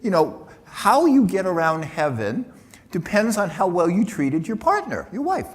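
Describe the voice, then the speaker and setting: A man voicing a kindly Saint Peter in a joke, speaking in a calm, matter-of-fact way. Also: sits high, measured pace, exaggerated voice. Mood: genial. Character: kindly male Saint Peter at heaven's gates.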